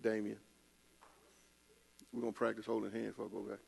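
A man's voice: fairly low pitch, little pitch movement, a little fast, creaky, a little mellow. An older man preaching a casual sermon, telling stories in a loose colloquial way with laughing asides. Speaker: pastor. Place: church.

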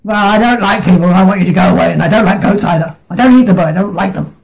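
A man voicing a gruff lonely troll. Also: sits high, fast, darkish tone. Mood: dismissive. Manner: gruff, blunt and suspicious. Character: grumpy lonely male troll who gardens.

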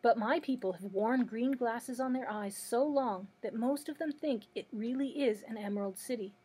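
A woman's voice: fairly high pitch, moderate pace, husky. A woman reading aloud as an old man who is a false wizard, confessing meekly. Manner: confessing, gentle storytelling delivery. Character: old male humbug wizard, meek and apologetic.

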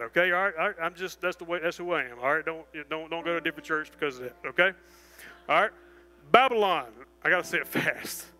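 A man preaching a sermon in a church, animated and folksy, full of restarts and asides. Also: sits high, low-quality recording. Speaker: pastor. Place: church sanctuary.

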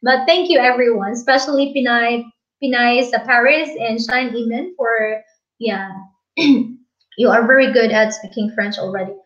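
A chatty woman with a slightly high, fairly bright voice hosts a casual livestream at normal speed. She laughs often and reads viewer comments aloud, heard through dull lo-fi stream audio.

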